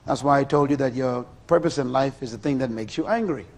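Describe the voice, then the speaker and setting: A middle-aged man preaching a sermon, animated and full of rhetorical questions to his listeners. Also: mid-range voice, a little fast.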